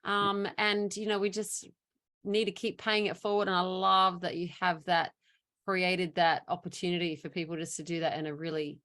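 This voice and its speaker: A woman's voice: lowish voice, level tone, normal speed, a bit bright. A woman with an Australian accent, hosting an interview and speaking in an earnest, reflective way. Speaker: interview host. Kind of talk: casual interview chat.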